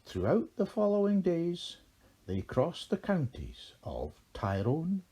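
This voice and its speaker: A man reading a storybook aloud in a gentle, expressive way. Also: on the high side, takes it slowly, breathy edge. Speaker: narrator.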